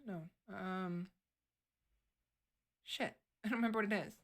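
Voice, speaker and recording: A woman's voice: medium pitch, fairly even intonation, a little slow. A young woman streamer chatting casually, rambling with many fillers and restarts while playing around with her voice. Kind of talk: casual chat.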